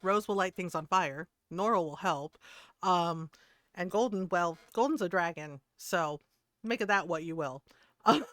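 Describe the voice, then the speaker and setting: A woman's voice: fairly low pitch, measured pace, fairly bright tone, dry recording, studio quality. A middle-aged woman streaming a game, chatting casually in a blunt, swearing manner and laughing often.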